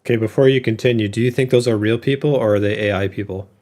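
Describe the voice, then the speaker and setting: Low-voiced man co-hosting a casual chat. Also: steady tone, fast talker, a little mellow. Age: 40s. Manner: conversational, reads and comments on charts with fillers. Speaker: co-host.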